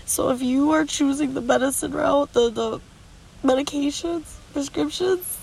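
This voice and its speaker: A worn-out woman talks frankly to the camera while sitting at the beach, her voice crackling with gravelly fry. She sounds drained and tearful, with a stuffy nose, and her rambling talk is blunt and full of swearing. Soft outdoor ambience sits faintly behind her. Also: high-pitched, unhurried. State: exhausted and sleep-deprived. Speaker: vlogger. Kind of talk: candid confessional vlog.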